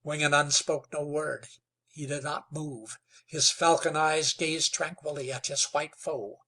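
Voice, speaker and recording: Male narrator, western audiobook, slow, measured, husky, slightly high voice. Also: fairly even intonation, bright, forceful tone. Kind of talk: scripted narration.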